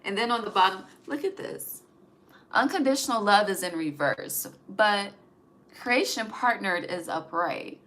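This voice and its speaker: Young woman reading tarot cards casually, loose and profane, with a bright, forward voice. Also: medium pitch, animated, normal speed. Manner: chatty, profane, laughs often, sings snatches of songs. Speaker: tarot reader.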